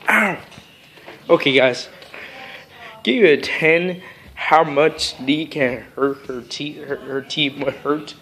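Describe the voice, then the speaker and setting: A man vlogging casually with his cats, rambling and halting with lots of fillers and soft coaxing pet talk. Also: medium pitch, slight background noise. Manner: rambling and halting, with many fillers and broken sentences.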